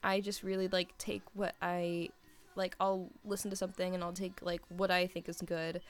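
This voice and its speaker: A woman's voice: lowish voice, level tone, normal speed. A young woman in her twenties chatting casually as she answers listener questions, rambling and giggly, with many fillers. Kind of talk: casual chat.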